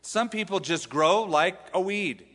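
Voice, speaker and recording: Bright-voiced American pastor in a big hall. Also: male voice, sits high, a little slow. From US West Coast. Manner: conversational, self-deprecating, with restarts. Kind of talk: sermon. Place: large church hall.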